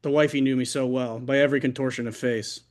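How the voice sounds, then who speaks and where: A man at an open mic reading his own fiction aloud over a video call, in a wry, deliberate way. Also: mid-range voice, fairly even intonation.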